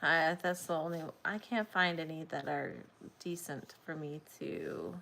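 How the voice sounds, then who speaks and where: A woman's voice: low voice, sing-song, measured pace, vocal fry, bright, forceful tone. A tired, yawning woman hosting a casual crochet livestream, rambling and reading viewer comments aloud.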